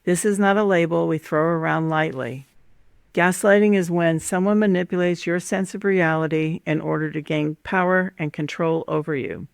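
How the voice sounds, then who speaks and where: A woman host speaks in a calm, measured teaching voice, taking her listener through her points one by one. Her tone carries a gravelly fry, and the recording is close and dry with no room sound. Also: fairly low pitch, no echo. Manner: calm, measured, instructive, lays out numbered points. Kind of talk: scripted teaching monologue on relationships.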